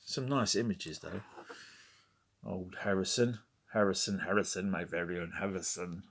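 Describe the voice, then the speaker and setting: A man's voice: deep voice, moderate pace, creaky, fairly bright tone. A middle-aged man chatting casually as he looks through his record collection, wry and rambling, with muttered asides and snatches of sung tunes. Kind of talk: casual chat.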